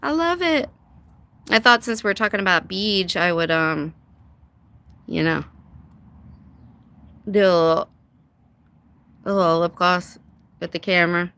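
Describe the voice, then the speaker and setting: A woman's voice: fairly low pitch, a little slow, pauses often, bright, forceful tone. A woman hosting a casual live stream, chatting sarcastically, laughing often and greeting viewers by name. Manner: sarcastic, says dude and y'all. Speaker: livestream host.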